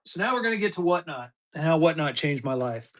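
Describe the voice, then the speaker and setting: A man's voice: a little high, expressive, fast talker, a bit bright. Chatty man in his fifties. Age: 50s. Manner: rambling, chatty, with many restarts and fillers. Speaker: live auction seller. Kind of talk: casual live-stream chat.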